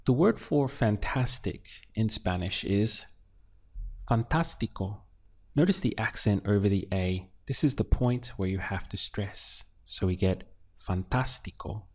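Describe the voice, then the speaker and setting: A man's voice: lowish voice, lively intonation, a little slow, a little mellow. A man teaching a beginner language lesson, patiently prompting the learner and then giving each answer. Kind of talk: slow instructional lesson.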